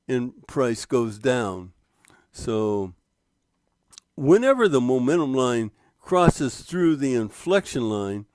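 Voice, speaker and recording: A man in a dry, close recording, explaining a chart at a slow, unhurried pace. He often stops, restarts his sentences and points at spots on the screen. His voice sits at a medium pitch. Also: a little mellow, no echo. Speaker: trading instructor. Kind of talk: screen-share walkthrough of a trading indicator.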